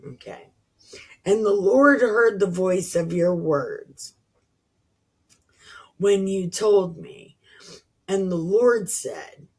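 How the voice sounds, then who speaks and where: A woman hosting a Bible reading channel, reading scripture aloud slowly and breaking in with profane, sarcastic asides. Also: medium pitch, animated, darkish tone, slightly rough.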